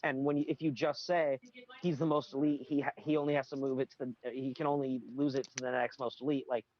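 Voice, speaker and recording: A man's voice: medium pitch, flat delivery, quick pace, dull audio. A man co-hosting a podcast in casual chat, ranting with strong opinions and frequent restarts. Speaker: podcast co-host.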